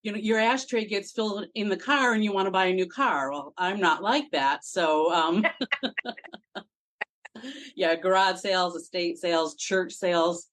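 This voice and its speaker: A woman's voice: fairly low pitch, measured pace, fairly bright tone. A woman speaking as a podcast guest, friendly and self-deprecating, who laughs often. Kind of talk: casual interview chat.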